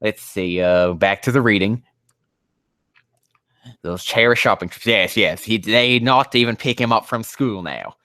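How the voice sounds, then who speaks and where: A man's voice: fairly low pitch, unhurried, bright, forceful tone, clean tone, no echo, studio quality. A man reading fanfiction aloud and ranting about it in profane, exasperated commentary.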